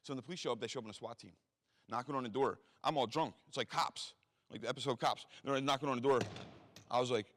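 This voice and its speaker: Fast-talking, profane man telling a story. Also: medium pitch, a bit bright. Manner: blunt, profane, self-mocking storyteller. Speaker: speaker telling his life story. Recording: reverberant hall.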